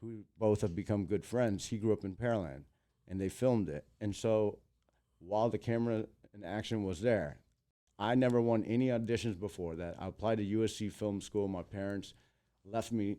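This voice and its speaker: Man in his thirties, low voice, mellow tone, animated storyteller, interview guest. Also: normal speed. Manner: animated, acts out quotes in big voices. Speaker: guest, entertainer.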